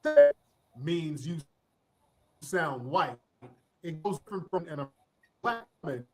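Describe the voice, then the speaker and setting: A man with a high voice speaks bluntly on a live-streamed panel. He lectures with profanity in a casual, talkative way. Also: huge pitch swings, slow, darkish tone, soft background music.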